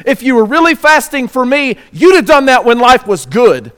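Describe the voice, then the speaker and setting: A pastor delivering a sermon, asking the congregation rhetorical questions and reading scripture aloud. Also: male voice, very high-pitched, very animated, fairly bright tone, clear, resonant tone. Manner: reads scripture aloud slowly.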